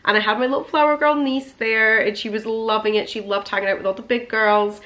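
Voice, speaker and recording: A woman's voice: fairly high pitch, fairly even intonation, brisk, bright, forceful tone. Gushing young woman vlogger. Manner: gushing, emotional, full of fillers. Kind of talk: casual chatty storytelling.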